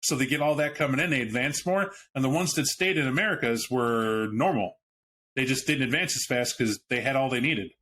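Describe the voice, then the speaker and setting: The host speaks a little fast in a medium-pitched, slightly bright voice, with a little hiss or hum on the recording. His podcast talk about a tabletop game book is casual and blunt, peppered with occasional swearing and restarted sentences as he reasons aloud.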